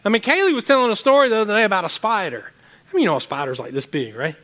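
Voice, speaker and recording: A man preaching a sermon, telling animated stories from home with many restarts and asides to the congregation. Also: high-pitched, very fast. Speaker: pastor.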